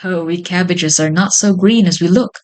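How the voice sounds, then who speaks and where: A very stout, jolly cabbage, out of breath and puffing out her words in a raised, bright voice, as a woman storyteller puts her on. She sounds hearty and chatty, a storybook character. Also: fairly low pitch, normal speed, natural voice.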